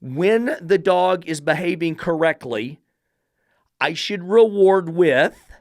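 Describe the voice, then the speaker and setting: Blunt, profane man with a dry close sound. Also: dry recording. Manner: blunt, combative and profane, mocking falsetto baby talk. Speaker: dog trainer and podcast host. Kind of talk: opinionated podcast commentary.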